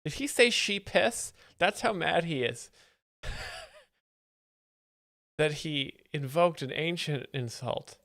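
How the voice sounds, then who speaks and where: A man's voice: fairly high pitch, very animated, slow, gravelly, long pauses, a bit bright, no room sound, studio quality. A man hosting a live stream, commenting playfully on a comedy clip and laughing often. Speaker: joke explainer host.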